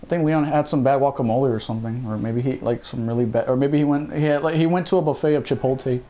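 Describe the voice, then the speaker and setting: A man gives casual let's play commentary, cracking sarcastic jokes as he plays in a joking, sarcastic running commentary. His mid-range voice is fast with a dark tone, and the audio is poor.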